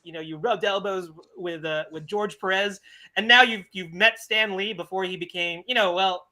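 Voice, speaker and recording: High bright-voiced podcast host. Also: male voice, steady tone, normal speed. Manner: supportive, frequent affirmations, hesitant restarts. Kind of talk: casual interview.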